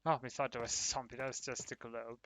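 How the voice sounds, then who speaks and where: A man's voice: mid-range voice, little pitch movement, quick pace, fairly bright tone, a little hiss or hum. A man chatting casually with viewers while streaming a game, laughing often and talking to his chat. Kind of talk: casual livestream commentary while gaming.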